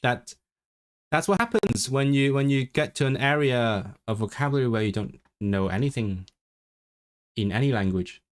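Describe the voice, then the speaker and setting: A man's voice: medium pitch, moderate pace. Chatty male language-learning streamer. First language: English. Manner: thinks aloud, many restarts, reads chat; switches into learner's Welsh with lively intonation. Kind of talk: casual livestream chat. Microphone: desk microphone.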